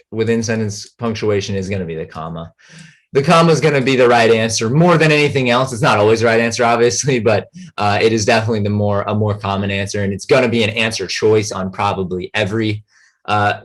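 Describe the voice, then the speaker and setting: Man tutoring with frequent "right?" checks. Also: fairly low pitch. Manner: relaxed, rambling explanation with many fillers and "right?" check-ins. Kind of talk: live tutoring lesson.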